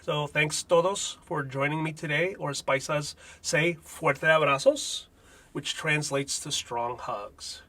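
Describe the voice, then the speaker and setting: Native spanish speaker guy hosting a jokey language lesson, bright and kinda husky. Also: fairly high pitch, slow. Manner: jokey, wry asides. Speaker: host.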